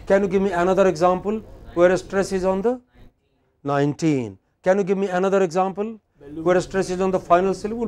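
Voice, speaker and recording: A man's voice: high voice, a little mellow. A male English teacher with an Indian English accent, running a classroom lesson and repeatedly asking students for more examples.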